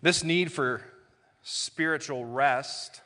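A man preaching a conversational sermon in a large church hall. His voice is bright and forceful, and it rings with a long reverb off the room. He slips playfully into little acted-out exchanges. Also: a little high, slow pace. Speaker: pastor.

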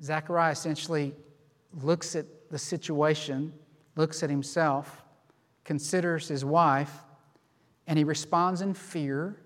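A man preaching a sermon with a voice pitched a little high. He is expressive and acts out people's reactions as he teaches. The sound carries a long reverb from the sanctuary. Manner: expressive, acts out quoted responses. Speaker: pastor.

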